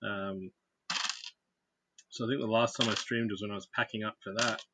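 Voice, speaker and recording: A man's voice: lowish voice, steady tone, moderate pace, heavy background noise. A man hosting a casual livestream, chatting and greeting viewers by name while he builds. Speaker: livestream host.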